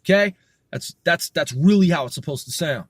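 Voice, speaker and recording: Casual rapper, higher-pitched man, talks in loops and restarts, dry close sound. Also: expressive, normal speed, slightly rough, no room sound. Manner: rambling, restarts often, swears casually. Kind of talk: casual rehearsal talk with rapped lines.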